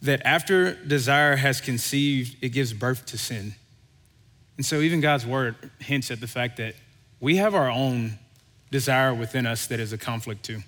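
Unhurried and fairly bright, a pastor gives a conversational, easygoing sermon at a middle pitch, echoed by a long reverb tail in the hall. When he reaches a story, he livens up and performs its voices.

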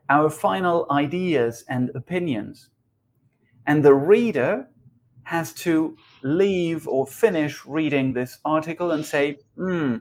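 A man with a Spanish accent hosting a podcast English lesson, explaining writing tips in a clear, teacherly way. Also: fairly high pitch.

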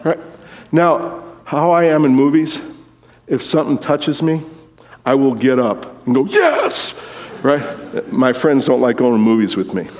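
A man preaching a sermon in a storytelling way, sometimes acting out movie lines with sudden shouts. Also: mid-range voice, fairly even intonation, moderate pace. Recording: long hall reverb.

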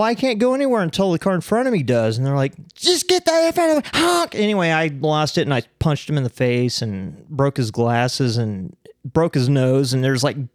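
A man with a slightly high voice tells rambling stories over beers and laughs at his own mishaps. He acts out the angry shouts of other people in his tales. The sound is dry and close. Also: no room sound. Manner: rambling storyteller, laughs at himself. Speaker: podcast co-host. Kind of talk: casual chat over beers.

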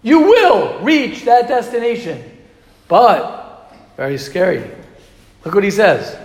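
A male Torah teacher gives a class to young students in an echoey hall, emphatic and repeating key phrases while mixing in Hebrew and Yiddish terms. His voice is high and a little mellow, with big pitch swings at a measured pace.

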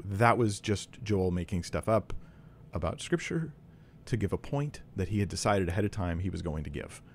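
Man, lower voice, relaxed Bible teacher reading scripture with punchy conversational asides. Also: moderate pace. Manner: reads scripture aloud with casual asides, animated and emphatic; clears throat often. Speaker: Bible teacher critiquing a preacher.

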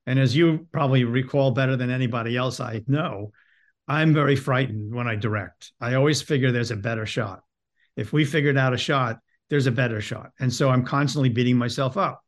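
Male host, plain middle voice, halting anecdotal delivery with plenty of restarts. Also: mid-range voice. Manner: halting, repeats words, self-deprecating. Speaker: host and TV director. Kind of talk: animated anecdote telling.

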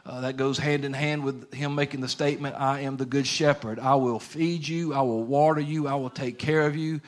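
An earnest man preaches a Bible lesson in a homespun, conversational sermon rather than a grand one, using loose everyday grammar. His voice is mid-pitched for a man, steady in tone, and at a normal speed.

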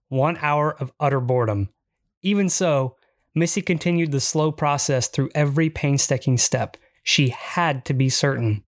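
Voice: medium pitch, no room sound. A narrator reading a first-person memoir in a dry, wry storytelling manner.

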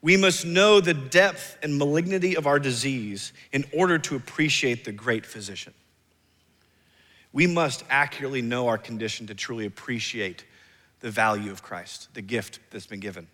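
A man in his thirties preaching a sermon as pastor, emphatic, slowing down and dropping soft on key phrases. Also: mid-range voice. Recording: long reverb of a large hall.

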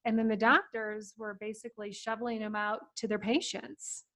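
A woman's voice: a little high, moderate pace. Chatty middle-aged woman telling stories. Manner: chatty, animated, laughs often. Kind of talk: casual storytelling.

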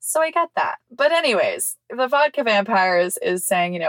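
A woman hosting a podcast, telling a personal story in casual chat, frank and expressive, swearing freely and laughing often. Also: medium pitch, fairly quick, no echo. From California. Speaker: podcast host. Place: visiting family in the South.

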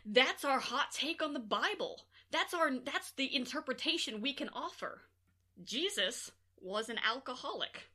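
A woman's voice: sits high, animated, a little slow, sharp tone. A young woman co-hosting a podcast in casual chat, joking and teasing her co-host. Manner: jokey, teasing, playful asides.

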